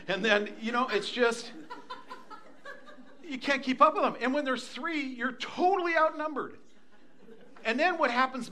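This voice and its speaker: An older man delivers a sermon in a high, bright voice. His pitch swoops widely as he tells a story and mimics the voices of the people in it. His delivery is animated and expressive. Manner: animated, acts out voices in anecdotes. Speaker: pastor.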